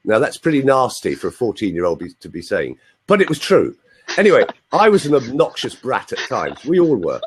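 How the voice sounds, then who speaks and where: A man's voice: mid-range voice, wildly swooping pitch, brisk, husky. A man in his sixties with an English accent, a voice coach telling stories in a playful, chatty way with asides to his audience, heard over a video call. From London, England. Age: 60s. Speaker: voice coach, interview guest. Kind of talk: anecdotal interview storytelling. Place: live online video chat room.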